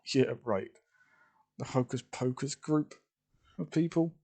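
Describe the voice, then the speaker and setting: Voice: mid-range voice, slow pace, mellow, husky. A man voicing a skeptical, mocking warrior in an amateur storytelling video, speaking dismissively. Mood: scoffing. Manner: scoffing, dismissive.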